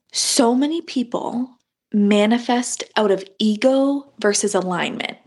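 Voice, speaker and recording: A young adult woman hosting a spiritual podcast, talking in an animated, chatty way and often breaking off to yawn. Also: on the high side, unhurried. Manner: animated, chatty, frequent yawns and gasps. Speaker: podcast host. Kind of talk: casual spiritual podcast monologue.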